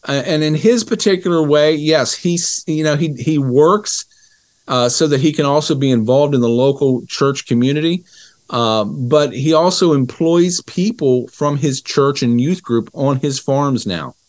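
Animated storytelling man, dry sound. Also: fairly high pitch, a little slow, dry recording. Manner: animated storyteller who acts out dialogue. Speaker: interview guest, business educator. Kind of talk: conversational interview storytelling.

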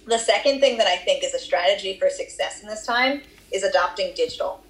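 A woman's voice: mid-range voice, brisk, low-quality recording. A woman with a Boston accent answering interview questions about her research, explaining at length with occasional fillers. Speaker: research guest.

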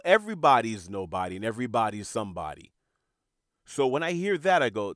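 A man's voice: fairly low pitch, very animated, brisk, fairly bright tone, no room sound, studio quality. A man hosting a podcast, talking in an earnest, reflective monologue and repeating words as he searches for them. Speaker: podcast host.

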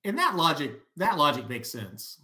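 A man co-hosting a podcast in casual chat, animated and fond of acting out quotes. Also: on the high side, normal speed. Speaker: podcast co-host.

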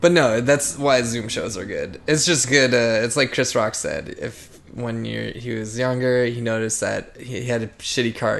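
A man's voice: fairly low pitch, creaky, a bit bright. A man in his thirties co-hosting a podcast, rambling in casual chat with dry joking asides. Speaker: podcast co-host.

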